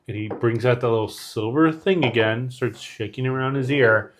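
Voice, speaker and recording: A man's voice: mid-range voice, normal speed, hardly any pauses. A man co-hosting a podcast, retelling a film scene in casual chat with lots of fillers and quoted lines. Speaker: podcast co-host. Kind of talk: casual movie recap chat.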